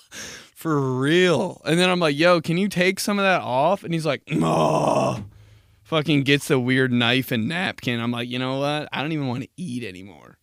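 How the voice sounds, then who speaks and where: A man's voice: on the high side, a little slow, a bit bright, dry recording, clean studio sound. A young man hosting a casual solo podcast, rambling through profane stories and laughing at his own jokes. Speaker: podcast host.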